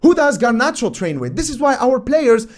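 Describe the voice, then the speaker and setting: A man's voice: very high-pitched, big pitch swings, moderate pace. A man hosting football tactical analysis, commenting emphatically over match footage with exasperated rhetorical questions.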